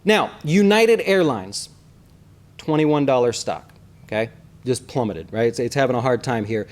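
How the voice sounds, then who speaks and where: A man who hosts an investing show, giving casual market commentary in an animated way and often asking listeners "right?". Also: mid-range voice, normal speed. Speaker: investment advisor and show host.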